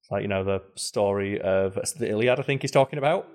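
A man's voice: lowish voice, quick pace, a little mellow. A man co-hosting a casual podcast chat, talking animatedly and acting out quoted lines in short snippets. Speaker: podcast co-host. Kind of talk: casual chat about video games.

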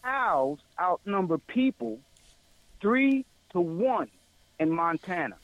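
A man co-hosting a casual comedy talk show, swearing, laughing and animated as he tells surprising facts. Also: sits high, slow, dry recording, dull audio. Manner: profane, laughing, animated storytelling. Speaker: co-host.

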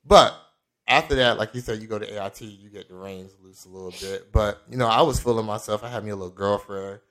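A young man from Florida tells a story on a casual podcast. He slips into the voices of the people in it, jumping high and loud for their lines and dropping low and soft for his own asides. He laughs often as he talks. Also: fast. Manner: animated storyteller, acts out quoted lines with big pitch jumps, laughs often. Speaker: podcast co-host.

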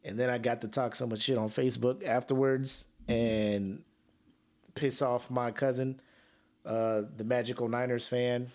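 A man's voice: mid-range voice, flat delivery, measured pace, darkish tone. A man hosting a casual solo podcast, joking and trash-talking with frequent laughs. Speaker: podcast host.

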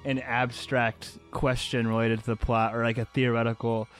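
A man's voice: mid-range voice, little pitch movement, moderate pace, soft background music. A man co-hosting a casual podcast about a movie, laughing often as he talks. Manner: laughs often while talking. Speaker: podcast co-host.

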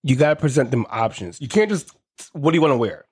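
A man's voice: medium pitch, expressive, fast, breathy edge. A man in his thirties co-hosting a podcast, laid-back and laughing as he gives advice. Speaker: podcast co-host. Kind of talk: casual chat.

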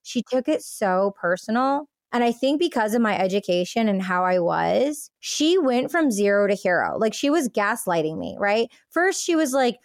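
A woman's voice: mid-range voice, moderate pace, few pauses, no room sound, studio quality. A young woman telling a personal story in casual monologue, full of "like" fillers and acted-out quotes of what others said. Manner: animated, frequent "like" fillers, acts out quoted dialogue. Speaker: podcast host.

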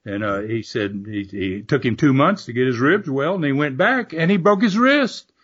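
A man's voice: mid-range voice, moderate pace, breathy edge. An older man with a Southern US accent, a former wrestler and promoter telling folksy stories in a casual interview. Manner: folksy, animated storyteller who swears mildly. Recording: muffled lo-fi audio.

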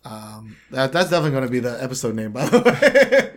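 A man's voice: mid-range voice, sing-song, fast. A man co-hosting a casual podcast, joking and getting defensive in a loose back-and-forth. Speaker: podcast co-host. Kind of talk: casual chat.

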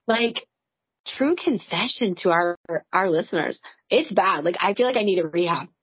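A woman's voice: fairly low pitch, animated, normal speed, husky, dry recording, dull audio. A woman in her forties, a podcast co-host, telling candid stories in casual chat, full of "like" and swearing. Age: 40s. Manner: candid, swearing, storytelling with lots of "like".

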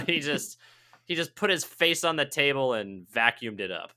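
A man chatting through a movie review on a podcast, with a very bright, sharp edge to his voice. He rambles and jokes about himself as he goes. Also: fairly high pitch, very animated, measured pace. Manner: rambling, joking, self-deprecating. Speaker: podcast co-host. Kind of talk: casual movie review chat.

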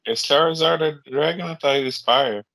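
A man co-hosting a podcast in casual chat, relaxed and a bit hesitant. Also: fairly high pitch, a little fast, creaky, no echo, rough recording. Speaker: podcast co-host.

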